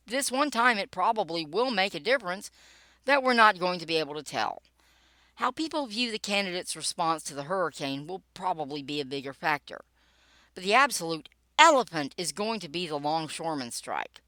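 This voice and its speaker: An older woman with a fairly low voice reads her own political blog post, dropping wry, sarcastic asides along the way. Her pitch swings widely from line to line, and the recording is close and dry, with no room sound. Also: animated, normal speed, pushed and bright, no echo. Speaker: political blogger and podcaster.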